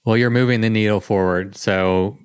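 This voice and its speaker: A male podcast host, chatty and animated, often laughing while he talks with his guest. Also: lowish voice, normal speed, clear, resonant tone, dry recording, clean studio sound. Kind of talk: casual interview chat.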